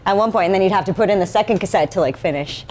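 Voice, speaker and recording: A woman's voice: mid-range voice, rapid-fire, darkish tone, a little hiss or hum. A woman from Minnesota with a Minnesotan accent, a news anchor chatting casually between stories. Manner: chatty, laughs easily. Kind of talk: casual studio chat and news reading.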